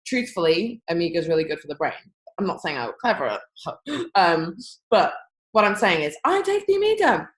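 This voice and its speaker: A young woman hosting a group call from home, giving a chatty, upbeat sales pitch with big leaps in pitch and playful asides. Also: a bit bright, echoey room, low-quality recording. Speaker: business team presenter on a group call. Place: home room, echoey. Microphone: computer or phone on a call.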